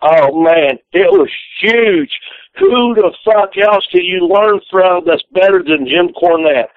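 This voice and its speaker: A man's voice: high voice, slow, no echo. A man answering interview questions bluntly and emphatically, swearing freely in casual talk. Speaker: interview guest, wrestler. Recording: dry, phone-like narrow sound.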